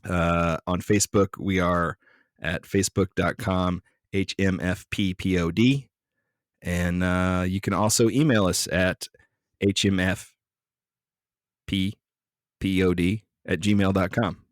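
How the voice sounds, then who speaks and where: Laid-back low-voiced podcast co-host man. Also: fairly even intonation, slow pace, dry recording, studio quality. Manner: laid-back, filler-heavy. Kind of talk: casual chat.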